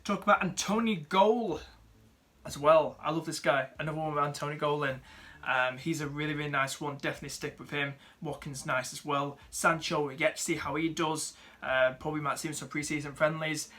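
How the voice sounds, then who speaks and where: A young man talks through viewers' fantasy teams in a relaxed, chatty way. His voice is bright and fairly high for a man. He keeps things casual with plenty of fillers and calls his viewers mate and dude. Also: fairly quick. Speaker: fantasy football YouTuber.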